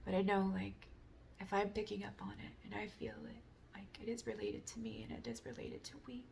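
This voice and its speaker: Woman musing about life on a spiritual show, bit of vocal fry, faint hiss behind her. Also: mid-range voice, steady tone, brisk. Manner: meandering, many "like"s, drifts into soft whispers; reads an apology mantra in a lifted, earnest voice. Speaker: spiritual podcast host. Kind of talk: reflective personal monologue.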